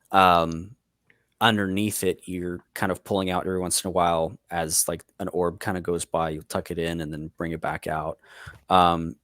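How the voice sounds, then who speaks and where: Slow deep-voiced male game master. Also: no echo, clean studio sound. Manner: unhurried, with fillers. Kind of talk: narrating a tabletop game.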